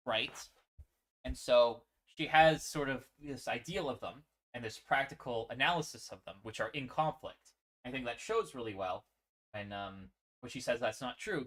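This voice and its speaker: A man hosting a casual commentary on a series, talking in an animated, profane way with frequent laughs. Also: mid-range voice. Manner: frequent fillers and restarts. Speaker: show host.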